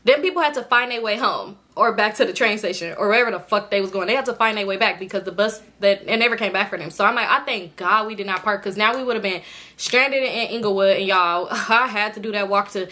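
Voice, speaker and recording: A woman from the Los Angeles area telling a storytime in a profane, animated way, often laughing as she talks. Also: mid-range voice, quick pace. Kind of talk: casual storytime.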